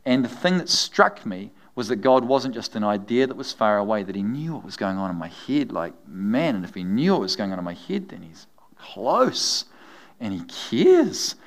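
Preaching at normal speed in a lowish voice, a middle-aged pastor delivers a sermon built on animated, humorous storytelling. He breaks into laughter frequently.

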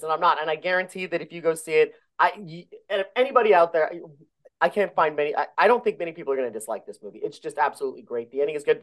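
A man co-hosting a casual film review podcast, gushing with enthusiasm and heaping on superlatives. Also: on the high side. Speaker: podcast co-host.

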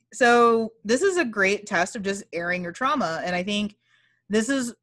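A young woman co-hosting a casual podcast chat about a book, swearing freely and acting out lines in other voices. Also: lowish voice. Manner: animated, profane, acts out voices of characters. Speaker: podcast co-host.

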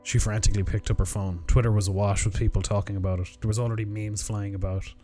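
A man narrating a short story in a measured, even storytelling delivery. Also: lowish voice. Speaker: narrator reading short stories. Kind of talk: scripted story reading. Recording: music bed under the voice. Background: music.

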